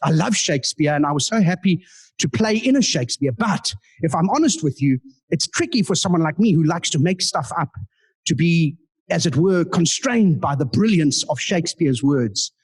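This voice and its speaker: A South African comedian and guest speaker in his 40s performs live stand-up in an indoor club meeting room, spinning playful, self-mocking stories with asides to the audience. His voice sits on the high side with lively intonation and a breathy edge, and he speaks at a normal speed.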